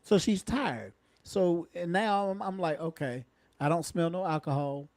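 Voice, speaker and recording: A man with a slightly high voice tells patrol stories in easy, folksy slang, chuckling along as he goes. The recording is dry and close-miked. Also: unhurried, darkish tone, no room sound. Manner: folksy, Southern-flavored slang, chuckles at his own stories. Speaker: podcast co-host, retired police officer turned comedian. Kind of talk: casual storytelling chat.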